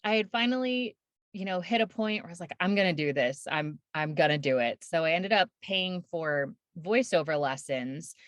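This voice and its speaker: A woman's voice: on the low side, lively intonation, moderate pace, no echo, clean studio sound. A woman who narrates audiobooks, chatting casually in an interview and laughing often.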